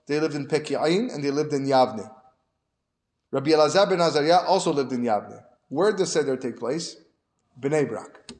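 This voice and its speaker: A man teaching as a rabbi, his voice sitting a little high. He tells the story with feeling and climbs sharply when he makes a point. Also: a little mellow. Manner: storytelling, rises animatedly for emphasis. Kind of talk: Torah lesson.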